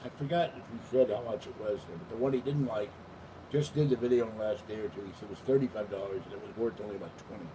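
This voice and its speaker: An older man vlogs from home in a rambling, casual way, occasionally cooing to his cats. His voice sits fairly low with fairly even intonation, and he talks fast. The mic is distant and the home recording is noisy.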